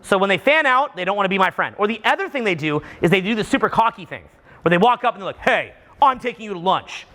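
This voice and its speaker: Seminar speaker, male, from Canada: high, lively pitch, acts out the people he describes. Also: very fast, slight background noise. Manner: animated, acts out what people say, frequent restarts. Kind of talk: live seminar talk to an audience.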